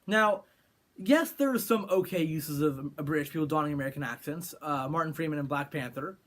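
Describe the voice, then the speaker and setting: A man's voice: fairly high pitch, a little fast, fairly bright tone. A man from California giving an opinionated movie review rant, sarcastic and rambling with frequent restarts. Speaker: film reviewer.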